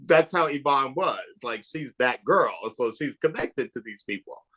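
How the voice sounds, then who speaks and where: A man being interviewed on a podcast, telling behind-the-scenes stories in an animated, gossipy way, swinging between emphatic bursts and hushed asides. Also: mid-range voice, a little slow. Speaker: podcast guest, author and documentary maker. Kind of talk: casual interview chat.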